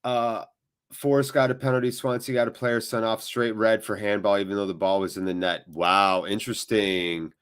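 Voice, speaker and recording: A man's voice: lowish voice, steady tone, normal speed, clear, resonant tone. Chatty man hosting a live match watchalong. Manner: chatty, reacts loudly to big moments. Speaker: watchalong host. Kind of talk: live match commentary and chat reading.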